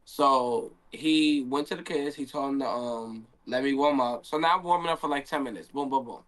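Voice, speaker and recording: A man's voice: mid-range voice, normal speed, a bit bright. A young man, a handball player, telling a story in a casual stream Q&A and acting out his own quotes.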